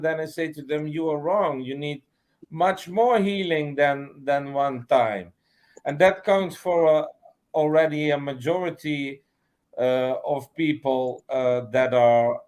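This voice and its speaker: Slow, halting man with a high voice. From Netherlands. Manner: slow, halting, with many fillers. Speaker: healer. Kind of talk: panel discussion.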